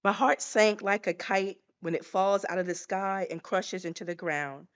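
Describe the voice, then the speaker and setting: A woman's voice: mid-range voice, moderate pace, hardly any pauses, dull audio. Woman in her sixties telling a dramatic testimony. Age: 60s. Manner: storytelling, acting out scenes. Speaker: guest speaker.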